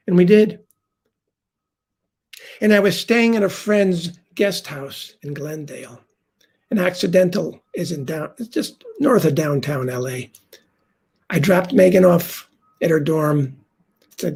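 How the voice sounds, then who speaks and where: An older man telling a heartfelt first-person story on stage, confiding and dropping to a hush for quoted lines. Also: high-pitched, a little slow, creaky, pauses often, breathy edge.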